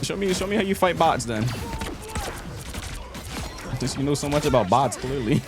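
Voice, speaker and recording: Over music, a young man with a slightly high, expressive voice talks at normal speed during a gaming live stream. He's casual, teasing a viewer and joking with frequent laughter, while game sounds and noise play in the background.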